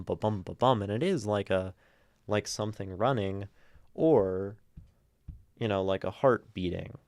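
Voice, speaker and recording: A man with a lowish, unhurried voice talks through a poem's sounds and rhythm on a live stream. He rambles and sounds words out loud, with plenty of fillers. His voice is clear and smooth on a close mic, with a dry room. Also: no echo. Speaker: streamer reading poetry from chat. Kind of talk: casual analysis of poetry on a livestream.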